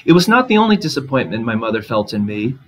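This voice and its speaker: A man giving a literature lecture in a relaxed, conversational way, reading short passages aloud and commenting on them. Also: mid-range voice, fast talker, poor audio. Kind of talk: recorded lecture.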